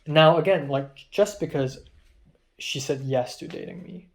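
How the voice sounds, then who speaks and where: Young man, vlog storyteller, gravelly, slightly high, rambling and tired. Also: a little slow. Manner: rambling, full of ums and quoted dialogue. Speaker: vlogger. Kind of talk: personal diary-style storytelling.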